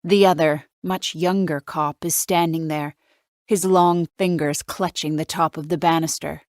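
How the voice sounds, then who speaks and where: A woman narrating a thriller audiobook in first person, with a wry, measured delivery. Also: low voice, fairly even intonation, no room sound, studio quality.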